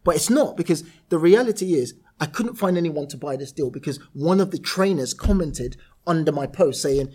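Animated British man telling stories. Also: fairly high pitch, moderate pace, hardly any pauses, slightly rough. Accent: British English. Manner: animated storyteller, voices others in quotes. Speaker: property entrepreneur guest. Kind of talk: podcast interview.

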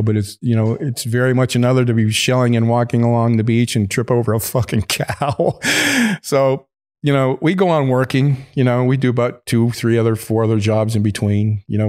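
A man's voice: mid-range voice, darkish tone. A man telling a long story in casual conversation, rambling and swearing freely, laughing as he talks. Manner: rambling, profane, laughs mid-sentence. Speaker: podcast guest.

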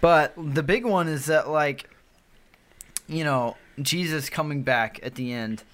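Slow, bright-voiced laid-back male co-host. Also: on the high side. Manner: relaxed, laughing, rambling with fillers. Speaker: podcast co-host. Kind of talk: casual podcast chat.

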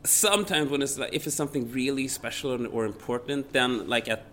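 A man from Sweden, speaking English as his in an easygoing, jokey chat. His voice is bright and forward. A faint hiss sits under the recording. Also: medium pitch. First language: Swedish. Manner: animated, jokey, quick to play along. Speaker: comedian and radio host. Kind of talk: casual conversation.

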